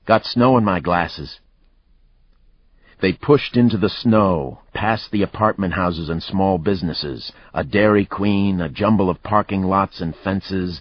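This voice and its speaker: A man narrating a thriller audiobook in a measured, even storytelling manner. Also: low-pitched, breathy edge, dry recording. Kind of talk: scripted narration. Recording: dry, slightly muffled recording.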